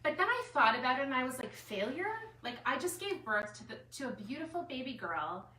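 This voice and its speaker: A bright, slightly high-voiced woman tells a personal story to a group, chatty and animated, acting out what she and others said. She is picked up from some distance in an echoey room. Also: a little fast. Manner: chatty, animated storytelling full of "like" and self-quotes. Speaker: artist and designer speaking at a gathering. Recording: echoey room, mic far off, faint room noise.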